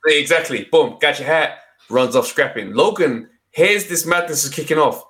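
A man's voice: on the high side, normal speed. A young man, chatting casually and acting out the people in his story, often laughing. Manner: animated storyteller, acts out quotes, laughs often. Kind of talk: casual chat.

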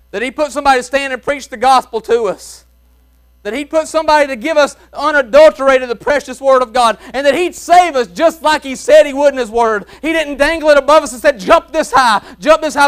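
A man with a Mississippi accent preaching a sermon in folksy Southern speech, shouting some phrases and dropping to a hush on others. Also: very high-pitched, clean tone. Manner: swings from shouting to hushed, soft tones; folksy Southern grammar, chuckles while preaching. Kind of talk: revival sermon. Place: church.

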